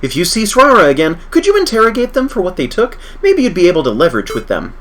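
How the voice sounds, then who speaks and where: A man's voice: high voice, huge pitch swings, fast talker, a bit bright, slight background noise, voice pushed up, full character voice. Rambling friendly female scientist, everyday voice from a man reading her lines.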